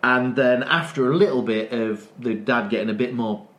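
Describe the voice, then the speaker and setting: A man's voice: mid-range voice, normal speed, fairly bright tone. A man, chatting casually as a podcast co-host, rambling and restarting as he retells scenes. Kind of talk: casual chat.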